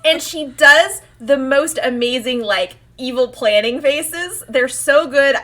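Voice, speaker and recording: Woman, podcast co-host, bright clear tone, casual recap, plays out quoted lines. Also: sits high. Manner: animated, acts out characters' lines in quick quotes. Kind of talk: casual chat recapping an episode.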